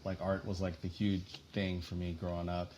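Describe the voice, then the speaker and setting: A man's voice: low voice, completely flat delivery, moderate pace, a little mellow, slight background noise. A man from New Jersey in his thirties, chatting as an interview guest with lots of fillers and laughter. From central New Jersey, US. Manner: chatty and rambling, laughs often, many fillers. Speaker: guest artist. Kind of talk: casual interview chat.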